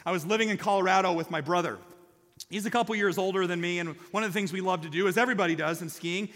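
A man preaching a sermon in a church, telling stories in an animated way and rising loud and high at the peaks. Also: fast talker, big-room sound. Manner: animated storytelling, rises loud and high at the climax. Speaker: pastor.

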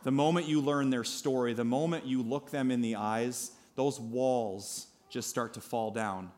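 A male pastor with a mid-range voice delivers a sermon at a church service, recounting a story in a lively, unhurried way and turning to the congregation with asides.

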